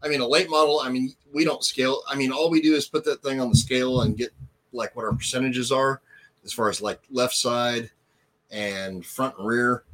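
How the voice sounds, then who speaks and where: A man's voice: medium pitch, steady tone, normal speed, fairly bright tone. A man co-hosting a casual racing livestream, joking around and swearing freely while he explains carburetors and car setup. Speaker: racing co-host.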